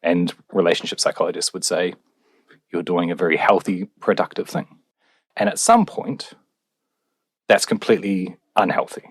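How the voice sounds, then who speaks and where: Low husky man explaining calmly. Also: normal speed, pauses often, no room sound. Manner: explanatory, wry, thinking aloud with fillers. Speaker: relationships researcher guest. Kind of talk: podcast interview answers.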